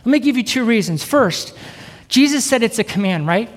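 A middle-aged man with a high voice, an evangelist giving an energetic sermon and keeping a live audience engaged. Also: moderate pace. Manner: upbeat, keeps asking the crowd "right?". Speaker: evangelist preacher. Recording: reverberant hall.

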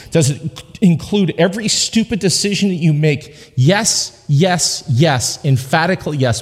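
A man's voice: on the high side, in a large hall. A man preaching a sermon in a church, conversational and joking with the congregation, driving points home with emphatic repetition. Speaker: pastor. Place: church sanctuary.

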